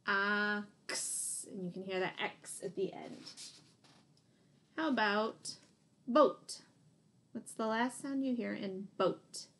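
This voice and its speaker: A woman's voice: on the high side, gravelly. A woman teacher giving a phonics lesson to young children, sounding out letters and praising answers. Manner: slow, encouraging, sounding out letters.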